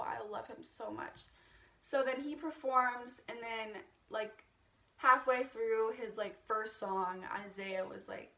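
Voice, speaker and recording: A woman's voice: fairly high pitch, bright, forceful tone, reverberant, recorded from a distance. A young woman in a casual storytime vlog, chatty, laughing often and swearing freely. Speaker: vlogger.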